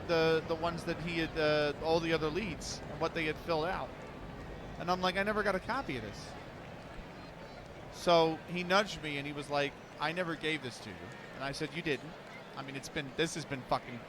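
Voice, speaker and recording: A man's voice: on the high side, background noise. A man, an esports commentator, telling a long story casually on a live stream, rambling and restarting as he quotes others.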